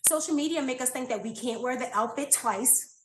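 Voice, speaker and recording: High, expressive woman in an echoey room. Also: brisk, a little hiss or hum. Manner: animated, emotional storyteller who laughs often. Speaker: yoga teacher and podcast guest. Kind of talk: casual interview conversation.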